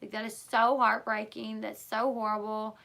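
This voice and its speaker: A woman's voice: fairly high pitch, flat delivery, normal speed, gravelly, bright, forceful tone. A woman vlogger telling a personal story in a casual, rambling way, full of fillers. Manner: rambling, filler-heavy, lots of "like" and "um"; emotional, retelling a scare.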